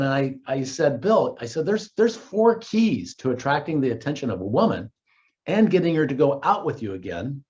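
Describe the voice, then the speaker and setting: Lively storytelling man, dull lo-fi sound. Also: mid-range voice. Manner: conversational, retelling dialogue with repeated words. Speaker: dating coach and company founder. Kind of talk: storytelling address to viewers.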